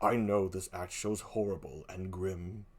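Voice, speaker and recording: Tormented general, deep and slow, dragging each line, voiced by an older man. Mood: anguished.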